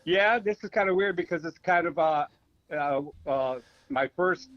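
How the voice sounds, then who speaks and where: A man's voice: fairly high pitch, measured pace, no room sound, muffled recording. Rambling male podcast co-host. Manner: rambling storyteller, many fillers and restarts. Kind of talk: casual podcast chat over remote call.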